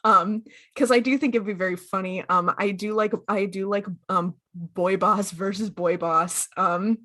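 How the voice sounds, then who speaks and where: A young woman co-hosting a podcast, talking in easy casual chat. Her voice sits at a middle pitch, and she keeps slipping in fillers and acting out quotes. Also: steady tone, measured pace, bright, forceful tone. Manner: chatty, many fillers and acted-out quotes. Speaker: podcast co-host.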